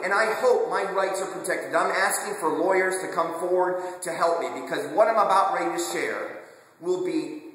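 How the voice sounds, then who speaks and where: A man's voice: a little high, a bit bright. A man speaking earnestly and with passion in a personal confessional monologue, often repeating words as he restarts his sentences. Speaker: video blogger. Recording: very echoey room with long reverb.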